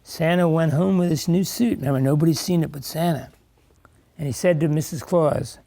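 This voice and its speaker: A man's voice: fairly high pitch, normal speed, creaky, dark tone, no room sound. Older man reading a storybook to kids. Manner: chatty, stops to ask and explain. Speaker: guest reader in a classroom. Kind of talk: reading a picture book aloud to children. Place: elementary school classroom.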